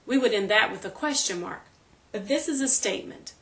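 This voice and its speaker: A woman's voice: mid-range voice, animated, a little fast, pushed and bright. A middle-aged woman, a homeschool teacher, giving a patient step-by-step classroom demonstration and checking in with "okay?".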